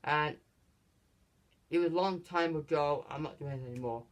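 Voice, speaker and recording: A host voicing a reluctant young lion prince who flatly refuses to go home, in an everyday speaking voice. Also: medium pitch, normal speed, lightly acted. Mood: dismissive. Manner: stubborn, dismissive refusals.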